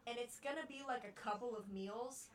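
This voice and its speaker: A woman's voice: fairly high pitch, a little fast, distant mic. A woman co-hosting a podcast, speaking bluntly and swearing freely in casual chat. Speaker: podcast co-host.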